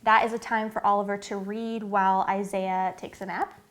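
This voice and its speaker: A woman's voice: mid-range voice, little pitch movement, moderate pace. A woman in her thirties talking casually to camera about her family's routine, earnest and chatty with many fillers. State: getting emotional, near tears. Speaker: vlogger and mother.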